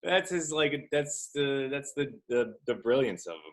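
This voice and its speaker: A man's voice: mid-range voice, animated, measured pace. A man appearing as a podcast guest, giving blunt, crude advice in casual chat.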